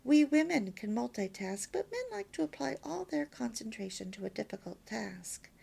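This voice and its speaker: A woman's voice: on the high side, sing-song, normal speed, gravelly, mellow, breathy edge. A woman reading a homemaking lesson aloud as a story, lilting and emphatic with near-whispered asides. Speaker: reader of a homemaking course.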